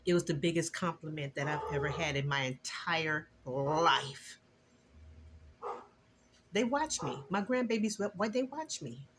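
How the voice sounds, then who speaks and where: An older woman and grandmother sharing an earnest, emotional Christian testimony in a casual vlog, with a preachy, expressive delivery. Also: measured pace, background noise. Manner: earnest, preachy and emotional, with lively swings in pitch. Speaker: vlogger.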